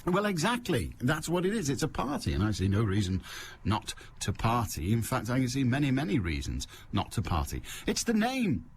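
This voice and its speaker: Wry, lively-voiced male radio host. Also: mid-range voice, normal speed, a little hiss or hum. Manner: wry, rambling, joking asides. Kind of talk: call-in radio chat.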